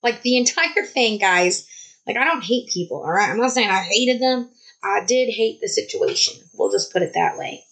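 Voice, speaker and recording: A woman, telling a personal story in a casual, animated vlog style. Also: medium pitch, moderate pace, low-quality recording. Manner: chatty, animated, many "like"s. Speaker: vlogger.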